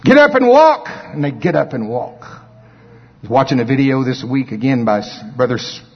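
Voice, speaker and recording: A man preaching a sermon, telling stories with big swings from quiet murmurs to high, excited shouts. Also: normal speed, slightly rough. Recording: dull lo-fi recording with long hall reverb.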